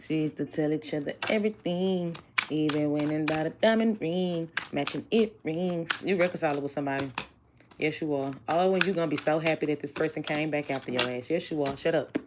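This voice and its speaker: A woman's voice: low-pitched, a little fast, noisy background. A chatty woman doing a casual tarot reading, blunt and joking with her viewers. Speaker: tarot reader.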